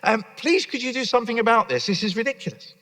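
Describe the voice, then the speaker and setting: A man's voice: very high voice, fast, fairly bright tone, long reverb tail, voice pushed up. A man voicing a posh older Englishman complaining to his MP, in an attempted posh English accent, indignant and over-polite.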